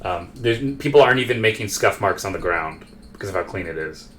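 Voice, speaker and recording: A man's voice: deep voice, lively intonation, a little fast, fairly bright tone. A man running a tabletop game as game master, narrating in a rambling way with many fillers.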